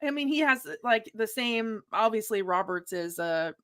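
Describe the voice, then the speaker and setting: Animated woman hosting a livestream. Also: fairly high pitch, normal speed, no room sound, studio quality. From Washington state. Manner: animated storytelling, acts out her own reactions. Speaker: podcast host. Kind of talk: casual livestream chat.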